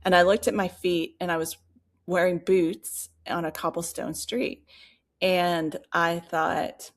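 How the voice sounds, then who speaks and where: Gravelly woman telling a story on a podcast. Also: lowish voice, takes it slowly. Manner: animated, many fillers and asides. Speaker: podcast co-host. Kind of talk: casual storytelling chat.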